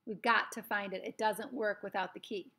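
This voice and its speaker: A woman reading aloud who voices an angry, desperate young schoolboy, shouting and indignant. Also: mid-range voice, steady tone, moderate pace.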